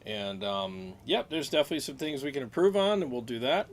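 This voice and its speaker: A man's voice: medium pitch, big pitch swings, fairly quick. A man hosting a casual live stream, chatting in a rambling, laid-back way and laughing often. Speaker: host.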